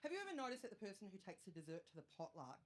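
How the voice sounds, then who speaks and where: A woman in her thirties with an Australian accent, performing a stand-up comedy set, chatty and self-mocking with quick asides to the crowd. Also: medium pitch, very animated. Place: comedy venue stage with live audience. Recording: live show with audience noise.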